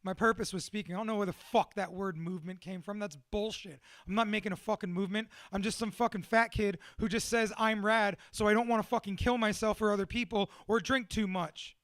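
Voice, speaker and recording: A young man with a high, forceful voice speaks candidly to a small audience about his past. He swears freely, mocks himself and laughs often. The sound is dry and close, with no room echo. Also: steady tone, brisk, hardly any pauses. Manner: profane, self-deprecating, laughs often. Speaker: motivational speaker.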